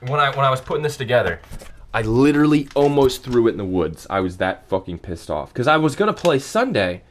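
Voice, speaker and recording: A young man venting angrily and profanely about broken gear in a casual, rambling vlog. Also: mid-range voice. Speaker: vlogger.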